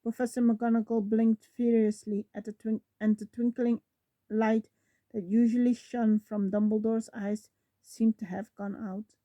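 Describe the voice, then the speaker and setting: Slow, stumbling woman reading a book aloud. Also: on the high side, flat delivery, warm tone, no room sound. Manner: slow, stumbling over words and correcting herself. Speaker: reader.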